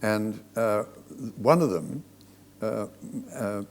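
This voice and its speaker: A man's voice: on the low side, expressive, takes it slowly, vocal fry, big-room sound. An older man, a stage director, telling reflective anecdotes as a guest in a live conversation on a theatre stage. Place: theatre platform before an audience.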